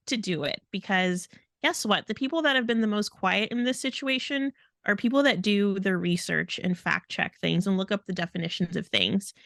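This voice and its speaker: A woman's voice: medium pitch, a bit bright, no echo, studio quality. A woman co-hosting a podcast in casual talk, speaking in an emphatic, indignant way. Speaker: podcast co-host.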